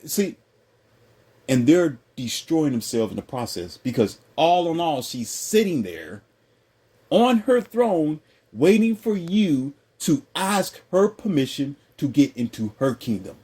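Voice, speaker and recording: A man talking casually and with strong opinions, mocking people with quick impressions and jumping up in pitch. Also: husky. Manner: animated, mocking impressions, jumps high in pitch. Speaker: host.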